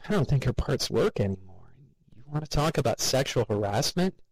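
A man's voice: medium pitch, very animated, brisk, creaky, husky, no room sound, exaggerated voice, rough recording. Man doing a blunt pushy boss.

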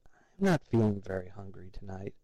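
A man voicing a weary, appalled young man who talks low, quietly and flatly. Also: moderate pace, no echo, muffled recording. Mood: forced politeness.

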